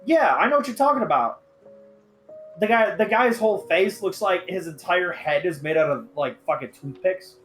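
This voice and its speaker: A man hosting a casual podcast chat, excitable and profane, breaking into sudden loud outbursts. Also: high voice, moderate pace, soft background music. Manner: excitable, swearing, shouts in bursts. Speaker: podcast host.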